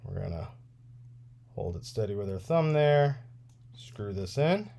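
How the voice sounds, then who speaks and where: A man's voice: lowish voice, lively intonation, unhurried, vocal fry, mellow. A man in his thirties casually chatting as he repairs action figures on a livestream, rambling and laughing often. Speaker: toy repair livestream host. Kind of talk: casual livestream chat while working.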